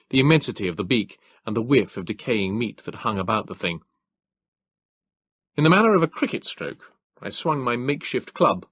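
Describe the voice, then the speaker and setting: A man narrating an audiobook in a measured, formal storytelling voice, recorded close on a studio mic. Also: lowish voice, fairly bright tone, breathy edge, dry recording.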